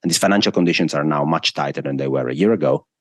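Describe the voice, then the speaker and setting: A man with a very low, deep voice explains the economy as a guest. He is emphatic and works through his points step by step, stacking up lists. The sound is close and dry. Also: racing, no echo. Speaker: guest macro analyst. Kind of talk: explanatory interview answers.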